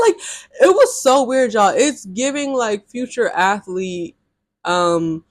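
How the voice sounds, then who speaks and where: A young woman in her twenties telling a personal story in casual storytime chat, animated and full of "like". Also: mid-range voice, slow pace. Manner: animated, chatty, lots of filler "like". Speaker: vlogger.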